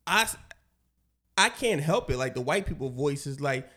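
A man's voice: fairly high pitch, expressive, normal speed, pushed and bright. Young adult man, casual podcast co-host, slangy and profane, firm and emphatic when making a point. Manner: laid-back slang, swearing, emphatic. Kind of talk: casual conversation.

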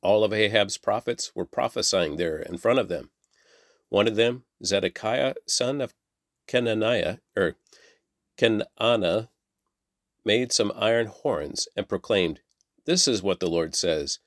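A man reading a Bible passage aloud in a measured, plain way, lifting his voice for quoted lines. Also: lowish voice, a bit bright, no room sound, studio quality. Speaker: Bible reader. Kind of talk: scripture reading.

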